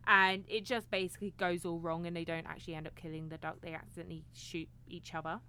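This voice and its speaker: A woman's voice: lowish voice, flat delivery, fast, pushed and bright, clear, resonant tone. Giggly British woman chatting. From England. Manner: giggly, swearing freely. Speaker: podcast co-host. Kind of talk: casual chat.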